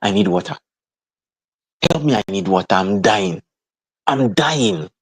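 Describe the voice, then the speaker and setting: A man acting out a dying man, begging for water in short, repeated pleas. The voice drops slightly lower and quieter than a plain speaking voice. He is a figure in a spoken teaching parable. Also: animated, measured pace, husky, exaggerated voice. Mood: desperate. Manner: pleading, repetitive.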